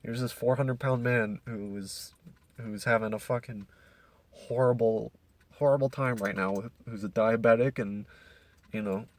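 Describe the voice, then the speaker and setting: A man's voice: medium pitch, steady tone, unhurried, no echo. A young man from Canada ranting casually as a podcast host, profane and rambling with many restarts.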